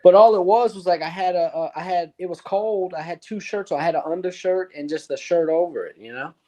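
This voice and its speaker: A man's voice: high-pitched, a little fast, mellow. A man in a casual chat, talking in an aggrieved, laid-back way and saying "dude" a lot. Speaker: podcast guest.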